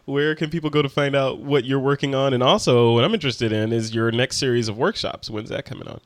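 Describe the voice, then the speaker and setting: Upbeat podcast host, dry close sound. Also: male voice, mid-range voice, fast, dry recording. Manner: upbeat, wraps up with announcements. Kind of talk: casual podcast chat.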